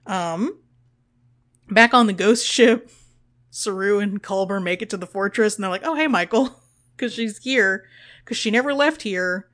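A woman's voice: mid-range voice, unhurried, long pauses, fairly bright tone. A woman co-hosting a podcast, recapping an episode in casual chat, sarcastic and swearing freely, acting out the characters' lines. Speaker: podcast co-host.

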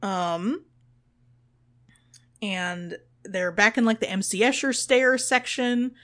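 A woman's voice: medium pitch, fairly even intonation, slow, a bit bright. A woman co-hosting a podcast, recapping an episode in casual chat, sarcastic and swearing freely, acting out the characters' lines. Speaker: podcast co-host.

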